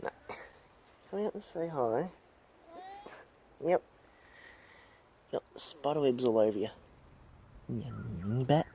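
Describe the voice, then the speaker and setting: Slow, easygoing male vlogger. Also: mid-range voice, dark tone, a little hiss or hum. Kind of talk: casual vlog chat.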